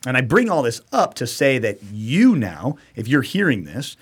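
A man's voice: mid-range voice, wildly swooping pitch, normal speed, husky. Blunt, swearing middle-aged man. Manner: blunt and profane, quoting people in little acted voices. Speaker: podcast host. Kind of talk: casual podcast chat.

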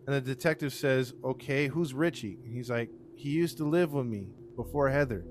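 A man's voice: medium pitch, fairly quick, few pauses, a little hiss or hum. A man casually retelling a crime case to co-hosts, acting out the quotes with lots of fillers and restarts. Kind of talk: casual storytelling chat.

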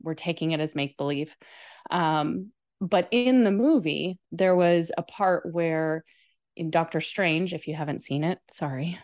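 Woman, lower voice, casual co-host chat, relaxed, thoughtful. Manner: relaxed, thoughtful, fillers and pauses.

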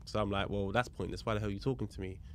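Rapid-fire and fairly low-pitched, this police officer shares a casual story as a guest on a podcast. He brings it to life by playing both parties in the dialogue and explains the legal points as he goes.

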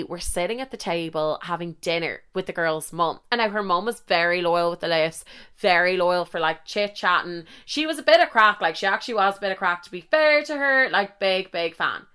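A young Irish woman hosting a podcast, telling a story in a crude, profane, animated way. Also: medium pitch, clear, resonant tone. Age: young adult. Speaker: podcast host. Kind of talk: casual storytelling.

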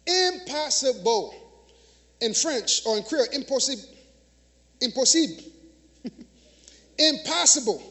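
A man's voice: very high-pitched, sing-song, slow, long pauses, bright, forceful tone. A man preaching a sermon in a church, emphatic and conversational, using call-and-response with the congregation. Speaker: minister.

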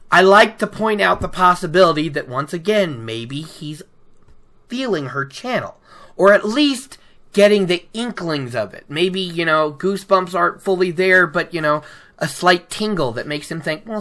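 Chatty, bright-voiced book recap host. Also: mid-range voice. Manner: chatty, enthusiastic, laughing asides. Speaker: podcast host. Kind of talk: casual book chapter recap.

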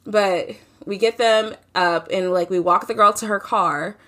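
A woman's voice: medium pitch, unhurried, a bit bright. A young woman telling a night-out story in casual chat, swearing freely and acting out quotes.

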